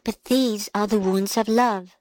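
A woman reading a storybook aloud and voicing a serene, kind little boy in a calm, gentle voice. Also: mid-range voice, unhurried, no room sound, lightly acted.

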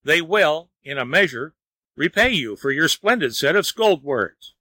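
A man's voice: on the high side, very animated, unhurried, bright, forceful tone, no echo, full character voice. A man voicing a frantic, lazy storybook man who wails and begs to be scolded. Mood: grateful. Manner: wailing, begging.

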